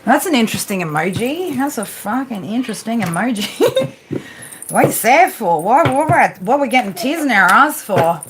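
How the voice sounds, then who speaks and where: A woman's voice: a little high, big pitch swings, moderate pace, background noise. A woman tarot reader hosting a casual live stream from home, chatty and swearing freely as she talks to viewers and her pets by name.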